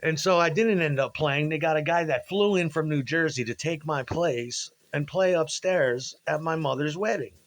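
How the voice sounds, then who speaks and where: A man's voice: a little high, normal speed, few pauses. A man, a musician, telling rambling, profane stories about old gigs and acting out what people said. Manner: profane, rambling, animated when quoting people. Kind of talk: casual storytelling monologue.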